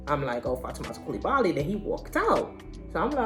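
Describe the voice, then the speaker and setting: A young woman with a notably deep, low voice tells her own story straight to the camera. Her talk is candid, slangy and conversational, like a casual vlog. Soft music plays faintly behind her. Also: sing-song, fairly quick. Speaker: vlogger.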